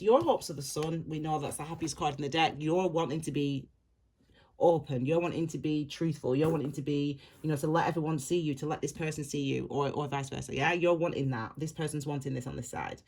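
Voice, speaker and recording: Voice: mid-range voice, darkish tone, slightly rough. A tarot reader giving a casual reading to the viewer, talking straight to them in a rambling way and repeating phrases over and over. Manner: reassuring, direct address to viewer.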